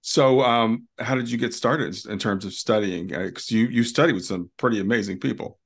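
A man hosting a podcast interview, calm and attentive, who also reads his own promo. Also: mid-range voice, normal speed, slightly rough. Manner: calm and attentive, brief affirmations. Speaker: podcast host. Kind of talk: interview and ad read.

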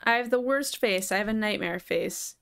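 A woman's voice: medium pitch, normal speed, creaky, fairly bright tone, clear, resonant tone. A woman reading the lines of a sardonic, self-deprecating young woman in a video game, dry and sarcastic.

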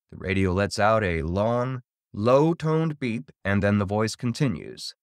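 Man, horror story narration, first person, tense, dramatic, very lively pitch, dry close sound. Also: unhurried, creaky, no echo.

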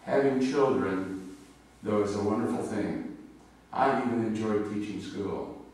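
Male pastor, low voice, chatty anecdotal sermon; distant mic in a very echoey church with faint noise. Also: measured pace, a little mellow. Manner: conversational storytelling with personal anecdotes. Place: church sanctuary.

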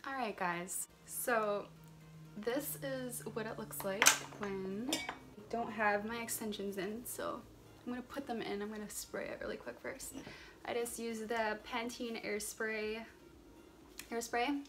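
A woman's voice: fairly high pitch, fairly even intonation, a little slow. Young female beauty vlogger, casual and chatty, full of fillers, phone-recorded, light music under it. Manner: chatty, rambling, lots of filler words. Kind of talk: casual hair tutorial chat. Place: warm room at home. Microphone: phone camera.

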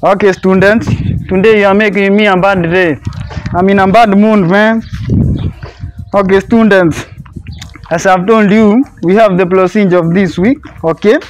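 A man's voice: high voice, fairly even intonation, normal speed. Bossy man as a strict teacher. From Kenya. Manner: bossy, repeats commands. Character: strict male schoolteacher. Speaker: comedian playing a teacher. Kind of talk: comedy skit.

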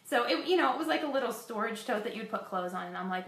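A woman's voice: on the high side, lively intonation, fast talker, creaky, fairly bright tone, echoey room. A woman frankly recounting a frightening personal experience to her viewers, with self-deprecating asides. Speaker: fitness vlogger sharing a personal story. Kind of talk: candid personal storytelling.

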